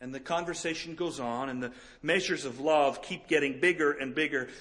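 A middle-aged man preaching a sermon as pastor, swinging between emphatic peaks and soft, slow, quiet passages. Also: on the high side.

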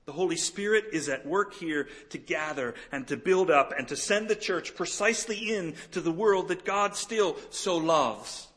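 Man, middle-aged, pastor, sermon, bright tone, emphatic then hushed. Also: a little high. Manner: rises to emphatic peaks, drops soft and slow.

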